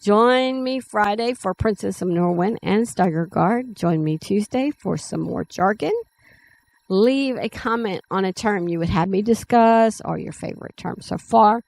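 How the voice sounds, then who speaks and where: This is a mid-range, slightly mellow female voice with vocal fry, heard on a low-quality recording. She's a middle-aged host of a writing channel who reads her story draft plainly and without hurry, fixing small slips, and afterward chats with viewers.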